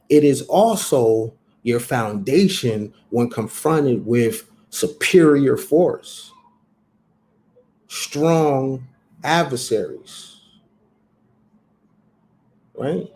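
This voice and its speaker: A man's voice: medium pitch, mellow. A man hosting a livestream talk, speaking in an emphatic, preachy way and repeating phrases for effect. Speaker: host.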